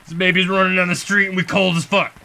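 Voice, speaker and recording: A man giving comedic let's-play commentary as a gaming video host, goofy and sarcastic, swearing and getting excited as he plays. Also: sits high, fast, vocal fry.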